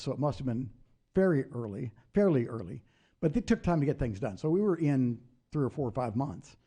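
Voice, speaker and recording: Older man telling a lively story. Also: mid-range voice. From United States. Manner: animated storyteller, raises voice in retold quotes. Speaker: guest, former congressman. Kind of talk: anecdotal storytelling.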